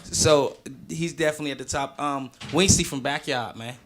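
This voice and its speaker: Brief: young male singer from D.C., radio guest, easygoing and slangy, forceful bright tone. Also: fairly high pitch, normal speed, slight background noise. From Washington, D.C. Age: 20s. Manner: relaxed, laughs often, slangy. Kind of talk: casual radio chat.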